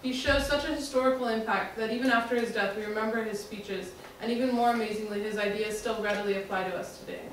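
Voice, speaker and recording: A woman's voice: mid-range voice, steady tone, fast talker, few pauses. A young woman reading a prepared class report aloud steadily. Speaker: student presenter. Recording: echoey room from far off, faint noise.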